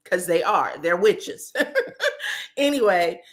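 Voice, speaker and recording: A woman's voice: mid-range voice, expressive, a little slow, fairly bright tone. Slangy woman recapping reality TV. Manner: slangy, emphatic, tags lines with "okay?" and "child"; laughs often while telling. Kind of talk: casual reality show recap commentary.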